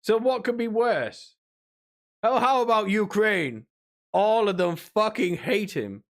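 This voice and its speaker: A man's voice: high-pitched, animated, slow, fairly bright tone. A man ranting and mocking as a streamer, sweary and sarcastic, often putting on whiny voices.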